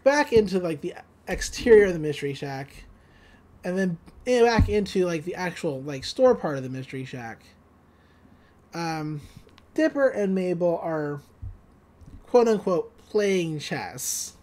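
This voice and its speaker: A woman co-hosting a podcast, casually recapping a cartoon episode, laughing often and slipping into quick voices for the quotes. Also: on the low side. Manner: giggly, animated retelling with quick voices for quotes. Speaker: podcast co-host.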